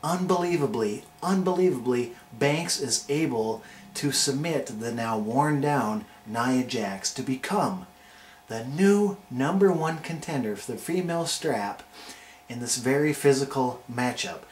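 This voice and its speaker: A man of middling pitch hosts a casual video review, pitching each name with playful hype. The room rings around his voice, with a faint hiss of noise underneath. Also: animated, a little slow. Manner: hyped, playful ranking countdown delivery. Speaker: wrestling show reviewer and host. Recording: roomy echo with faint noise.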